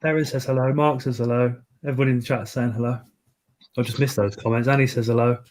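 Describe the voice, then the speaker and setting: A man's voice: medium pitch, fairly even intonation, fast, a little mellow. A middle-aged man hosting a casual live stream, chatting and reading out viewer comments. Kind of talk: casual chat.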